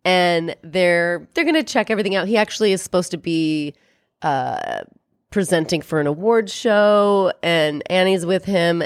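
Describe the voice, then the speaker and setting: A young woman with a slightly low voice talks through a film she has watched, in a loose, chatty way. She jumps into quick impressions of the characters' lines. Her voice sounds close and dry, with no room around it. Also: no echo. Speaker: podcast co-host. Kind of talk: casual film recap chat.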